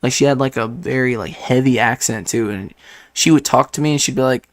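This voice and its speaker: A man's voice: mid-range voice, a little fast, dry recording, clean studio sound. A man in his twenties from Detroit, chatting casually with stream viewers in a rambling way, laughing often and filling with "like". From Detroit, United States. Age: 20s.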